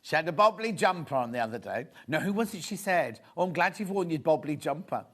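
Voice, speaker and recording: Brief: male shopping-channel host, gossipy and rambling, voice high and very animated. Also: fairly quick. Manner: chatty, rambling, gossipy asides. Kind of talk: live TV selling chat. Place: TV studio.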